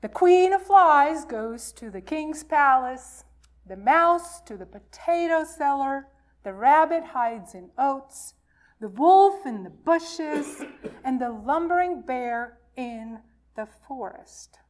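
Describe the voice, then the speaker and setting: Woman minister, storytelling for all ages, high voice, unhurried delivery. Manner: slow, expressive storytelling. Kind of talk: reading a folktale aloud in a worship service.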